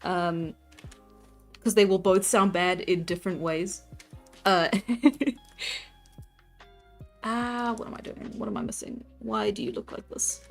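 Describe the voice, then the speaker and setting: A woman's voice: lowish voice, unhurried, pauses often. A woman hosting a casual livestream, chatting in a rambling way with lots of fillers and frequent giggles. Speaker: livestream host. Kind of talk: casual livestream chat while drawing. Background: faint background music.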